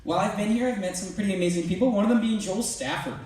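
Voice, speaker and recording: Teen guy chatting loosely at youth group, kinda high voice, big echoey hall, mic sounds far off. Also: racing, very noisy. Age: teens. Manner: casual, rambling, filler-heavy. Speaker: student speaker at church youth service. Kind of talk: youth talk with playful retold dialogue. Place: large church hall.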